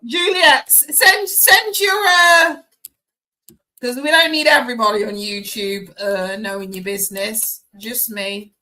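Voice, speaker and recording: Bright-voiced chatty woman, slang. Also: a little high, unhurried, poor audio. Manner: chatty, addresses viewers by name, slangy. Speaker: tarot reader hosting a live stream. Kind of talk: casual live-stream chat.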